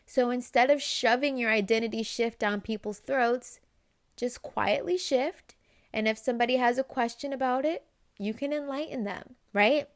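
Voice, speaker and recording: A woman talks through self-help advice in a loose, conversational vlog style, often tossing in "right?" and quickly acting out little exchanges. Her voice sits a little high. The sound is close and dry, with no room echo. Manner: chatty, acts out quick dialogue snippets, frequent "right?". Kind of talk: casual direct-to-camera advice.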